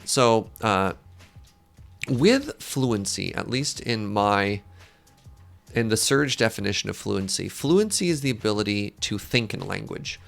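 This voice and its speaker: A man's voice: fairly low pitch, lively intonation, unhurried, gravelly, a bit bright. A man live-streaming a game, chatting casually with viewers in a joking, self-deprecating way, with faint game music behind him. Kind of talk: casual live-stream chat while gaming.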